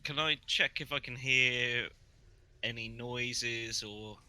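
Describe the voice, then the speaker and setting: A man playing a tabletop game over a voice call, careful and deliberate. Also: mid-range voice, sharp tone, dry recording. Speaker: player.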